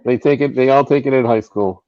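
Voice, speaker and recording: A man's voice: mid-range voice, fairly quick. A man hosting a casual comedic round-table chat, rambling with restarts and easy laughs. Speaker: host. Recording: dull dry mic sound.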